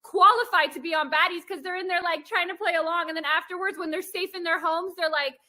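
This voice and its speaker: A woman's voice: very high-pitched, fairly even intonation, quick pace, pushed and bright. A woman guest in a casual chat, gossipy and mocking, laughing between lines. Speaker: guest co-host.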